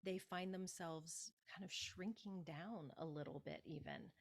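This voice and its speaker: A woman speaking as a public speaking coach in an interview, giving emphatic, animated advice and acting out example phrases. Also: on the low side, a little slow, vocal fry.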